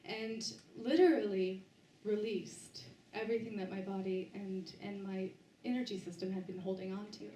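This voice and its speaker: A woman's voice: medium pitch, steady tone, dark tone, reverberant, far from the mic, a little hiss or hum, poor audio. A woman giving a book talk to a live audience, sharing a personal story with many restarts and fillers. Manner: halting, with frequent restarts and fillers. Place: bookstore event space, indoors.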